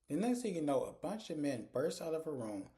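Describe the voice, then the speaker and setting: A man's voice: a little high, very animated, fairly quick, dark tone. A young man casually recapping a TV episode as a reviewer, telling it loosely with lots of "like" fillers. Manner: casual, filler-heavy storytelling with frequent "like".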